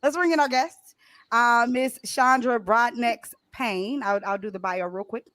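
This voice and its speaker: A woman co-hosting a radio talk show, chatting casually and excitably and laughing often. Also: a little high, unhurried, no room sound. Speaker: podcast co-host.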